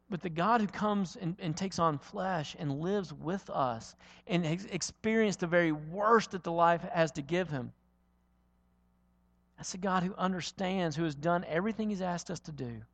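High-voiced earnest male preacher. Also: in a large hall. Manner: earnest, storytelling, with rhetorical repetition. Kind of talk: sermon.

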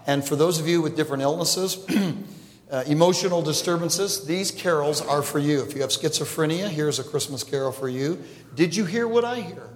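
A man, a pastor, preaching a conversational sermon with jokes to a congregation. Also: fairly high pitch. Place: large church hall. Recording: echoey hall, reverb. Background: congregation laughing.

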